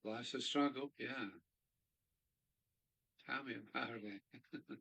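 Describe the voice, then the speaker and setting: Male live-stream host, casual rambling chat, unhurried delivery. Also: mid-range voice, gravelly, bright, forceful tone, breathy edge, low-quality recording. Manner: rambling, chatty, musing aloud. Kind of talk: casual chat reading viewer comments. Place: hobby room in a loft.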